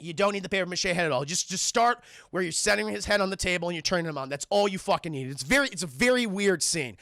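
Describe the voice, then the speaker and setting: Gravelly high-voiced man recapping a film. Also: fast talker, dry recording, clean studio sound. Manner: animated profane scene-by-scene retelling; keeps addressing the chat. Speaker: streamer and film reviewer. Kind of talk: livestream film review chat.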